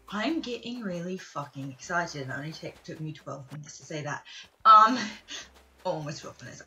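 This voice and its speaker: Lively, bright-voiced young woman rambling. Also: lowish voice. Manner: excitable, lots of fillers and laughs. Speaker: gaming streamer. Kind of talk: rambling casual chat.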